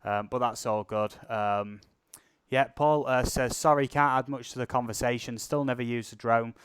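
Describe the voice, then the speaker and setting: British male streamer, chatty and laughing, smooth dry mic sound. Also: mid-range voice, steady tone, moderate pace, no room sound. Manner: chatty, laughs often, calls people mate. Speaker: drone news stream co-host. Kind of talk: casual livestream chat.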